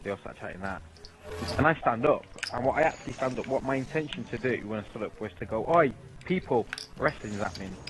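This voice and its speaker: A man's voice: mid-range voice, quick pace, low-quality recording. A young British man casually telling stories while playing a game, laughing often and swearing freely. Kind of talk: casual chat over gameplay.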